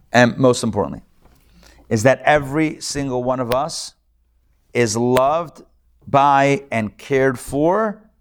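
A man, a rabbi, giving a live class lecture to an in-person and online group in a conversational way, with jokes and asides to his listeners. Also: medium pitch. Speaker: rabbi teaching a weekly class.

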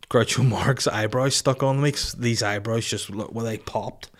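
A man's voice: mid-range voice, steady tone, normal speed. Man in his thirties, solo podcast host, self-mocking and sweary storyteller. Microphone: studio microphone.

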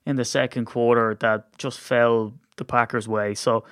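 A man's voice: medium pitch, level tone, unhurried, a bit bright, clear, resonant tone, no echo, clean studio sound. A man with an Irish accent hosting a casual sports podcast, rambling and self-deprecating with lots of fillers. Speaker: podcast host. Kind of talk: casual chat.

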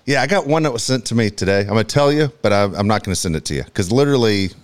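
A man co-hosting a podcast, talking in gruff, profane, dismissive banter. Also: on the low side, lively intonation, very fast. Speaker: podcast co-host. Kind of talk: casual banter.

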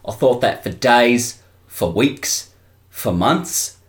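A man putting on a cheerful, cocky middle-aged crime boss with a put-on New Zealand accent, talking up his trade in a comedy sketch. The voice jumps up high when he brags and sits at a middling pitch otherwise. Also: animated, slow. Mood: boastful. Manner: chirpy, cocky, swoops up high on boasts. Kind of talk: improvised comedy character interview.

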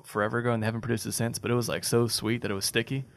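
A man's voice: medium pitch, little pitch movement, very fast. A man with a Louisiana accent chatting in an easygoing way. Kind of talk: casual chat.

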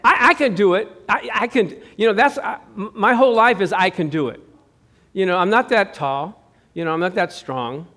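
A middle-aged man preaching a sermon as pastor in a church, jokey and animated, acting out the voices he quotes. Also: high-pitched, moderate pace.

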